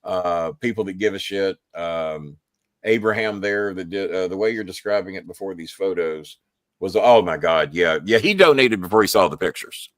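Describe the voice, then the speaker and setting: Low-pitched and moving at a moderate pace, this middle-aged show host tells blunt, heavily profane stories in casual live-show chat. The audio is dry and of studio quality.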